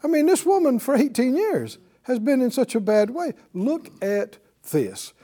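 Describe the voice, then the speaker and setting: A Bible teacher delivers a broadcast lesson in a lively, conversational style, posing questions to listeners and chuckling as he teaches. His voice sits high and his pace is measured.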